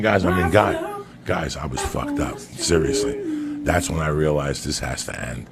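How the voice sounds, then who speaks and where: With an expressive bass voice at a normal pace, a man spins a crude comic story for a podcast. He curses a lot, speaks with emphasis, and keeps using his listener's name.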